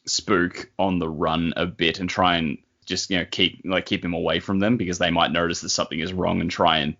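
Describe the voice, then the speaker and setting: Podcast co-host, man, very low bright voice, loose and jokey. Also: brisk, highs cut off. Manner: joking, animated theorizing. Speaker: book club podcast co-host. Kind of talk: casual discussion.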